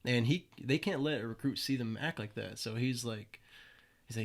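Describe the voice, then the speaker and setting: A man's voice: medium pitch, normal speed. Laid-back young man telling stories. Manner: laid-back, swears freely, acts out quoted voices. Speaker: podcast guest. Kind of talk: casual storytelling interview.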